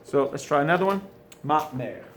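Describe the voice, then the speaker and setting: A man's voice: fairly high pitch, lively intonation, normal speed. A man with a South Louisiana accent teaching French, going over answers and asking questions he answers himself. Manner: patient, asks questions and answers them himself. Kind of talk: recorded classroom lesson going over answers. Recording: echoey room, faint ambient noise.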